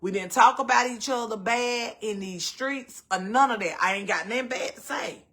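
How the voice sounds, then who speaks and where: A woman's voice: fairly high pitch, normal speed, fairly bright tone. A middle-aged woman with a Southern US accent, hosting a casual storytelling chat in a blunt, profane way and acting out the voices of people she quotes. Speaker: host.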